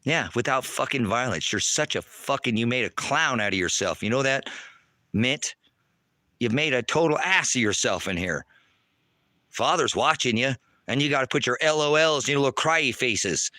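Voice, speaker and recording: Man, angry livestream rant, bright forceful voice, dry close sound, outdoors, taunting. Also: medium pitch, lively intonation, normal speed, no echo. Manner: furious, profane, taunting, often shouting. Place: outdoors at a rural homestead.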